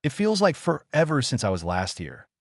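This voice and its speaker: A man's voice: medium pitch, wildly swooping pitch, normal speed, no room sound, clean studio sound, pitched above the performer's own voice. A man voicing an impulsive young male ninja who exclaims a lot, in a storybook reading. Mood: eager.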